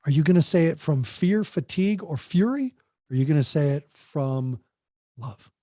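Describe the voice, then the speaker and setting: A man's voice: fairly high pitch, animated, normal speed, mellow, no room sound, clean studio sound. A man who works as a parent coach, talking animatedly as a podcast guest and often restarting his sentences.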